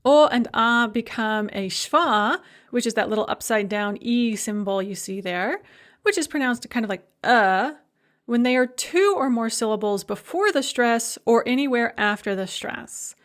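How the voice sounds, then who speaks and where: A woman's voice: a little high, animated, unhurried. A woman giving a recorded language lecture, explaining rules step by step and modeling each example word aloud. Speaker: language instructor.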